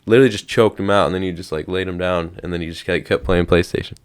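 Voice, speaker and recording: A young man with a very low voice tells a long story in a casual podcast chat. He rambles and swears freely. His tone stays smooth and clear. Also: fairly even intonation, fast talker. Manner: slangy, rambling, swears often. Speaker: podcast host.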